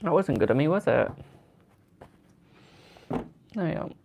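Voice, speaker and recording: A man's voice: fairly high pitch, sing-song, a little slow, vocal fry, darkish tone, a little hiss or hum. A British man doing tarot readings on a live stream, chatting with viewers and calling them "my darling". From United Kingdom. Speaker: tarot card reader.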